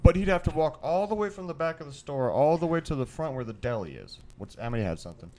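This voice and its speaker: A man's voice: on the high side, sing-song, fast talker, dark tone, slight background noise. A man co-hosting a podcast in a studio, brainstorming in a rambling, profane way, full of restarts and swearing. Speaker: podcast co-host. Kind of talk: casual brainstorming chat.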